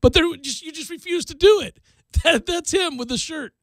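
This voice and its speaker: A middle-aged man hosting a sports radio show, telling animated stories about his kids and acting out scoldings. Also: very high voice, normal speed, dry recording. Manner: animated storytelling, acts out scolding his kid. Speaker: radio host. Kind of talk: casual radio chat. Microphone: studio microphone, dry.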